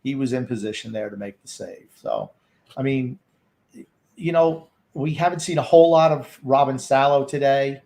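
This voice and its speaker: A man's voice: mid-range voice, big pitch swings, normal speed, gravelly, darkish tone. A man co-hosting a hockey watchalong podcast, making dry, wry remarks about the game. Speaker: podcast co-host. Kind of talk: casual sports commentary.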